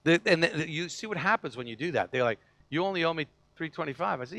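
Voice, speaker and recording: A man's voice: on the high side, animated, quick pace, a bit bright, dry recording. A man preaching a sermon as pastor, telling stories animatedly and acting out the voices in them, with frequent restarts.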